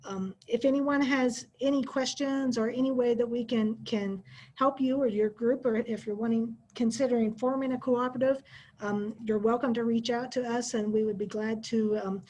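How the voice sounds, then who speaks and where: A woman's voice: on the high side, fairly even intonation, normal speed, warm tone, slight background noise, rough recording. A woman on a webinar video call, explaining her co-op center's services in an informal way with fillers. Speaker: co-op center staff. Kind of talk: webinar discussion.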